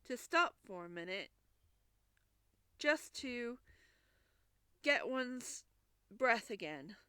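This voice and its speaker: A woman's voice: medium pitch, sing-song, moderate pace, sharp tone, no room sound. A woman voicing a polite, curious young girl in a storybook reading, asking tentative questions.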